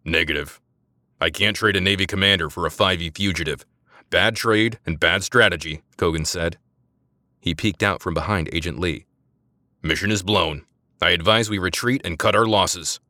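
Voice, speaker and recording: A man voicing a rough male soldier who barks curt orders, in an audiobook. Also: deep voice, moderate pace, pushed and bright, no echo. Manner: barking, curt.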